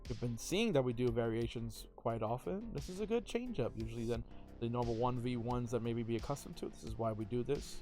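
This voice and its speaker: Joking male esports commentator, faint music. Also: medium pitch. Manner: playful, joking, rambling play-by-play.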